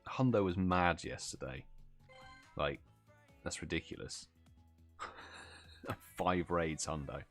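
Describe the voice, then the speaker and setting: A man's voice: low-pitched, takes it slowly, pauses often, fairly bright tone, faint music behind. A tired British man hosting a casual live stream, chatting with viewers and reading out their messages. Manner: chatty, reads out chat messages, yawns and laughs. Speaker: livestream host.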